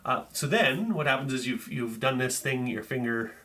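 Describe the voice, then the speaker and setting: A man's voice: mid-range voice, expressive, moderate pace, sharp tone. A man casually teaching a magic trick, chatty and loose, demonstrating as he talks. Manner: casual, chatty, filler-heavy, demonstrating with hands. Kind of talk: casual tutorial explanation.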